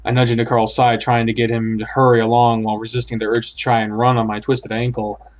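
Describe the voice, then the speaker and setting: A man's voice: medium pitch, flat delivery, fast talker. A man reading a horror visual novel aloud in the first person, acting it out and blurting out startled reactions. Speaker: let's play host.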